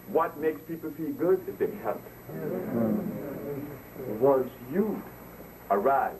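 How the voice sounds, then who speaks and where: A man with a higher-pitched yet darkish voice addresses an audience in an impassioned, preachy lecture, repeating words for emphasis. He's captured on a distant mic with faint noise.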